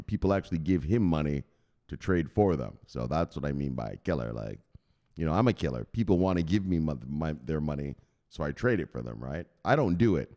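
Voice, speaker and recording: Boisterous, profane male crypto host. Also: a bass voice. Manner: boisterous, profane, shouts out viewers. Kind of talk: casual livestream chat.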